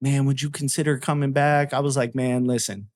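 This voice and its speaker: A man's voice: mid-range voice, flat delivery, fairly quick. A man telling a story in casual chat, swearing freely and acting out both sides of a heated argument.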